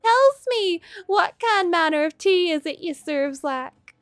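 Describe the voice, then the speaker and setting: A quaint young magical girl, put on by a woman, speaks in a mock Scottish lilt, her archaic sentences flowery and tangled. The voice sits far higher than usual and swings widely, with a lively, animated, loud delivery. Her drawn-out words land crisp and dry, with faint game music behind her. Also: dry recording, heavily acted. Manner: archaic, flowery, muddled phrasing. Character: quaint young female magical girl with garbled old-fashioned talk.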